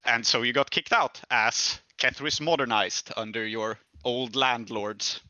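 A man setting up a tabletop role-playing game as game master on a podcast, talking haltingly with many fillers. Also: mid-range voice, sharp tone, no echo.

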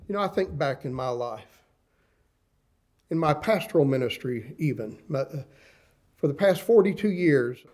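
With a slightly high, darkish voice, a pastor in his sixties preaches with slow intensity and dramatic pauses. He reads scripture aloud in antiquated wording.

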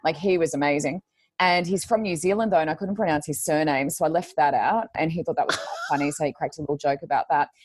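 This woman, co-hosting a podcast, speaks in a low voice and at a quick pace. Her talk is casual, and she's a lively storyteller who performs the quotes she relates.

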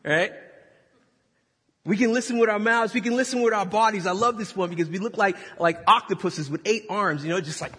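A male pastor preaching a sermon, full of animated storytelling and acted-out voices. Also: sits high, brisk, slightly rough. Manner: animated, jokey, acts out voices. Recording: long reverb of a large hall.

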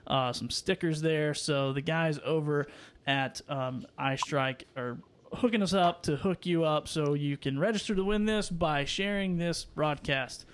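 An upbeat man co-hosting a live fishing broadcast, his voice sitting a bit higher than most men's. He talks loosely and casually, shouting out viewers by name and rattling through sponsors. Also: measured pace, slight background noise. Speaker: co-host of a live fishing show. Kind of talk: casual live-stream chat.

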